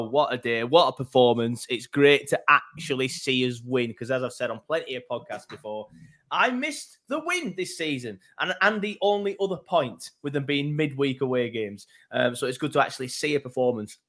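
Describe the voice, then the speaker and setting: A man's voice: medium pitch, sharp tone. A man, casually hosting a football fan podcast and reading out listener comments. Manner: chatty, reads out listener comments. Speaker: podcast host.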